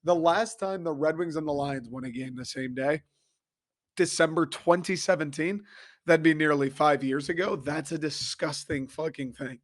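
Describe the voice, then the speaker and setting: A young man from Michigan, hoarse and a little raspy, ranting profanely and excitably as he hosts a casual sports talk show. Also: fairly high pitch, moderate pace. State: hoarse after a concert. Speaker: sports podcast host.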